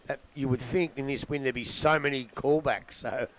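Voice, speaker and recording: A man's voice: medium pitch, steady tone, normal speed, slight background noise. An Australian man as co-commentator at a local football match, adding joking, teasing asides. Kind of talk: colour commentary and banter.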